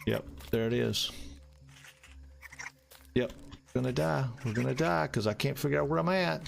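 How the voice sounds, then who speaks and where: Excitable gravelly streamer man. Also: mid-range voice, a little slow, pauses often, soft background music. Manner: excitable, swearing, laughing exclamations. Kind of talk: live gameplay commentary.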